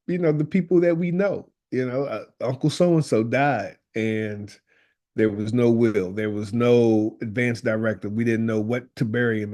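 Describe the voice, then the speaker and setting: A man's voice: medium pitch, a little mellow. A man being interviewed as a guest, speaking earnestly and telling stories, often acting out what people say. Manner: earnest storyteller, acts out quoted dialogue. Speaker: guest, death doula. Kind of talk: conversational interview.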